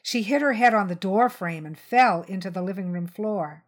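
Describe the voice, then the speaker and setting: A woman reading a crime short story aloud in first person, steady and tense. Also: mid-range voice, normal speed. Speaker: story reader.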